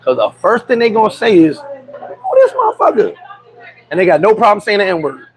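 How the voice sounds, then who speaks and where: A man's voice: high-pitched, lively intonation, fast, poor audio. A man hosting a casual livestream chat, telling blunt, profane stories. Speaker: livestream host.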